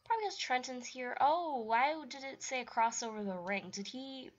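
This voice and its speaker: A woman hosting a video game let's-play, chatting casually and pleading with the characters in an animated, playful way. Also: high-pitched, moderate pace. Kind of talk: casual commentary while playing a life-sim game. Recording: dull lo-fi mic.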